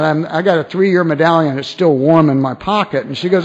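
A man tells a personal story in a lively way, stopping and restarting and putting on voices for the people he quotes. His voice sits a bit high for a man. The recording is dull and lo-fi. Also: brisk, hardly any pauses. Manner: animated, acts out quoted voices, frequent restarts. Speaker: speaker sharing his recovery story.

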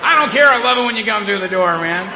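A man voicing an eager, excitable female pet dog, with breathless, overjoyed shouting. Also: high voice, quick pace, gravelly, very noisy, pitched above the performer's own voice. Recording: echoey hall, dull sound.

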